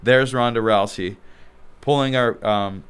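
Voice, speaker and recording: A man with a smooth, clear voice tells a story in a casual podcast chat. He gets animated and acts out what people said, with frequent laughs along the way. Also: mid-range voice, unhurried. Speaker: podcast guest, underwater cameraman.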